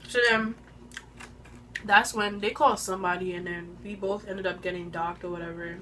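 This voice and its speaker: A twenty-one-year-old woman chats through a casual storytime on her channel, eating while addressing her phone camera with plenty of slang and energy. She speaks in a lowish voice at a moderate pace, with a slight hiss or hum present.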